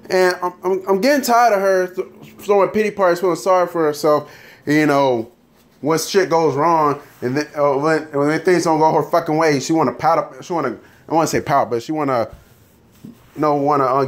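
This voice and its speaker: A man ranting loosely about characters in a story game, full of fillers and swearing, then reading a chapter aloud. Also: a little high. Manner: animated, profane, frequent fillers.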